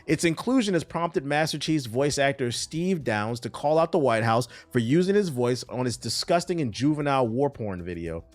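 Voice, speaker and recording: A man streaming live, giving casual, profane, animated commentary on news, his voice a bit tired. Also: medium pitch, normal speed, few pauses.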